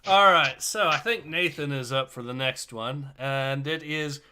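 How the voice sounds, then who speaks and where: A man hosting a livestream, introducing each story and reading it aloud in a steady way, with dry remarks between. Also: on the high side, measured pace, a little hiss or hum. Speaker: livestream host and story reader. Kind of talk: casual chat and reading stories aloud.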